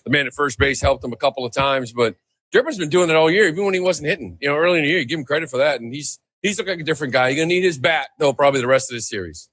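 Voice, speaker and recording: A man's voice: fairly high pitch, lively intonation, very fast, fairly bright tone, no echo. A man who once played third base in the big leagues, giving upbeat takes on the team's run. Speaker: podcast guest, former player. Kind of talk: casual sports analysis.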